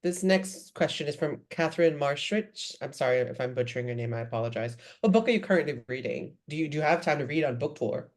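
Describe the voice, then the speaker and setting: A woman's voice: sits low, expressive, quick pace, hardly any pauses, darkish tone. Bubbly woman moderating an interview. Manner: bubbly and enthusiastic. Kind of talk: conversational author interview.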